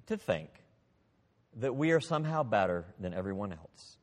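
A man preaching a sermon, expressive, swinging from loud emphasis to hushed, quiet passages. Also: mid-range voice, long reverb tail.

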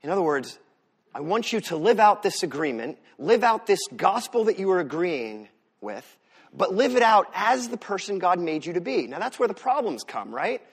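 A man preaching a sermon as pastor, swinging from loud emphatic lines to soft asides. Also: high-pitched, moderate pace, slightly rough. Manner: animated preaching, rises loud for emphasis then drops soft.

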